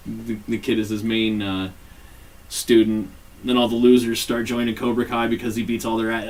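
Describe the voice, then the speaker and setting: A man's voice: medium pitch, distant mic, rough recording. A man co-hosting a casual podcast, swearing freely and acting out quotes as he retells a TV plot. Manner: profane, animated retelling with acted-out quotes. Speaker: podcast co-host. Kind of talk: casual chat reviewing a TV show.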